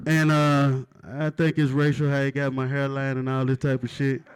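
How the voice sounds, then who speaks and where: A man, doing a profane stand-up set at an open mic and punching lines with loud outbursts. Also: medium pitch, monotone, moderate pace, smooth, low-quality recording. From Mississippi, USA. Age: 30s. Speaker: stand-up comedian. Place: open mic stage in a live venue.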